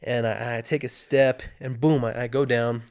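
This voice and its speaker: A man shares his testimony as a guest on a podcast, casually telling a personal story in a smooth, medium-pitched voice at a moderate pace. He's animated, acting out the moments as they unfold, including his own panicked inner voice.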